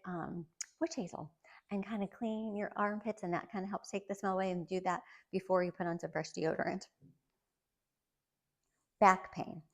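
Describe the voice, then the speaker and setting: A woman around fifty talking casually, sharing her own experiences and tips with a light laugh now and then. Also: medium pitch. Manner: chatty, laughs lightly between points; shares personal experiences with listeners. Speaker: vlogger. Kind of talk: casual chat.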